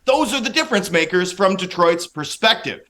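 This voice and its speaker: Brief: male hockey analyst, high bright voice, animated rapid-fire rant. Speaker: hockey writer guest. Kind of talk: opinionated sports analysis.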